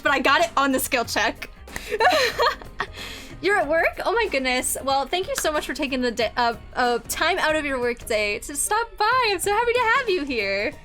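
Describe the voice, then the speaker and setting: A woman streamer chatting excitedly with her viewers while she plays a dating game. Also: sits high. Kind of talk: live game-stream commentary.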